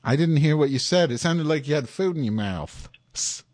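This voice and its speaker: A man hosting a comedic live stream, excitable, sarcastic and rambling, talking into a headset mic. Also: on the high side, normal speed. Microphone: headphones with mic.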